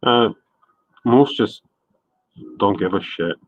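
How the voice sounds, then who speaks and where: A man with a lowish voice chats loosely with his live-stream viewers as he paints. He rambles from one thought to the next. The sound is thin and phone-like, close and dry. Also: takes it slowly, no echo. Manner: rambling, answers chat viewers by name. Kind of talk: casual live-stream chat while painting.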